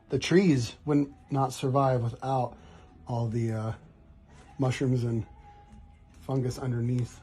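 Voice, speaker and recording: A man's voice: mid-range voice, warm tone. A man in his forties, a tattoo artist, chatting casually and telling a rambling story with many restarts while he works.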